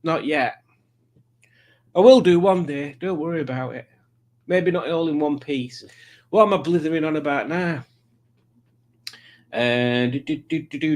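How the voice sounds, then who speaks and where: Rambling man hosting a quiz stream. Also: on the high side. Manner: rambling, self-mocking, jokey. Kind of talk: casual live-stream chat.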